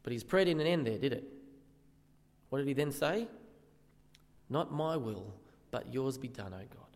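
A man's voice: medium pitch, lively intonation, a little slow, a little mellow, in a large hall. A man preaching a sermon in earnest, often asking the listeners questions.

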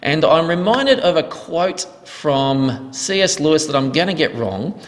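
A man's voice: on the high side, very animated, unhurried. A man leading a question-and-answer teaching session as pastor, explaining answers earnestly. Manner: earnest, explanatory, thanks each asker. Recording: reverberant hall.

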